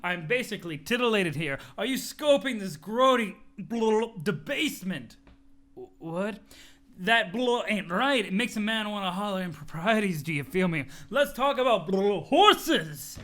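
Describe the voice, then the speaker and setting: A brash, muscle-proud young guy, as a male reader puts him on bellows for attention in a high, swooping, bright voice. He commands and brags nonstop and chokes back his own swearing mid-word. It sounds like a storybook reading done with gusto. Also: expressive, a little slow. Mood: giddy. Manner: bellowing, bossy, swallows his own curse words. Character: boastful muscle-obsessed young man, loud and pushy.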